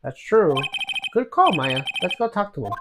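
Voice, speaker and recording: A woman's voice: big pitch swings, normal speed, heavy background noise. A woman doing a hesitant young male lawyer. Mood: dry. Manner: lowered voice, hesitant, dry. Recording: loud game music behind.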